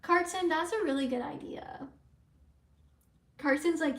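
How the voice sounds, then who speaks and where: High-voiced woman chatting on a livestream. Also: measured pace, long pauses, fairly bright tone, recorded from a distance. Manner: rambling, answers chat comments aloud. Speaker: live streamer. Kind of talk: casual livestream chat with viewers. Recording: roomy sound from away from the mic.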